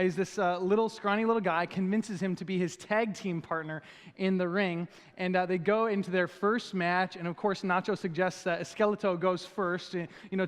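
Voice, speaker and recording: Male pastor, high voice, relaxed joking sermon delivery, long church reverb. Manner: conversational, joking preacher. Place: church auditorium.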